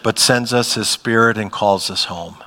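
A man preaches a sermon in a church hall, his voice bright and forceful, with a long tail of reverb behind every phrase. He talks conversationally, rising to emphatic peaks and then dropping to near-hushed moments. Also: fairly low pitch, normal speed. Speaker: pastor. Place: church sanctuary.

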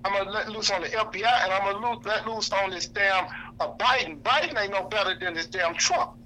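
A man speaking in a fiery, preacherly way to a lunch crowd, his voice pitched high and cutting with a very sharp, bright edge. He talks bluntly, hammers points home by repeating them, and cites scripture chapter and verse. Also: a little fast, slight background noise, low-quality recording. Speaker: activist speaker. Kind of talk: impassioned speech to a lunch audience. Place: indoor lunch gathering.

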